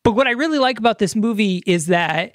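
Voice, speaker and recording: A podcast host chatting casually and with real enthusiasm. The voice sits at a middling pitch and sounds dry and close to the mic. The delivery rambles, with plenty of filler words, restarts and the odd curse. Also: expressive, a little fast, no room sound. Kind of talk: casual chat.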